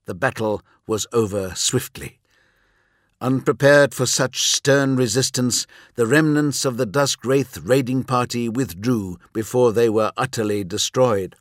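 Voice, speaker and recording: A man reads a story aloud in a measured, dramatic way. His voice sits at a middle pitch for a man. The studio booth gives a dry, close sound with no echo. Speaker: audiobook narrator. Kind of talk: scripted narration.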